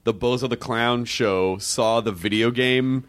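A man from the United States hosting a casual interview, telling stories in an animated way and laughing often. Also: mid-range voice, measured pace. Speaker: podcast host.

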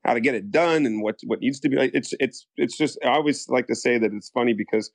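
A man's voice: mid-range voice, fast, vocal fry, dry recording. A young American man, a soap actor, telling stories in a casual interview, rambling with lots of fillers and acting out quotes. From United States. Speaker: soap opera actor guest.

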